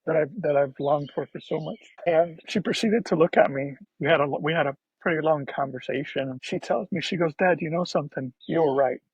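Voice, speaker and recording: A man, a podcast guest, telling an emotional personal story in a soft-spoken, halting way, often restarting his sentences. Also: a little high, husky, dry recording, poor audio.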